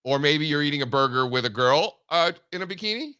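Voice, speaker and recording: A man hosting a live market show, brash and animated, swearing casually as he chats. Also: on the high side, a little fast, clear, resonant tone. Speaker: host. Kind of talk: casual livestream chat.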